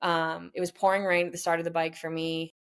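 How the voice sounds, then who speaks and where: Low-voiced woman in her 20s, pro triathlete, casual chatty race story on a podcast. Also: little pitch movement, brisk, clear, resonant tone. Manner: chatty and candid, relives moments by quoting herself and others. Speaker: professional triathlete guest.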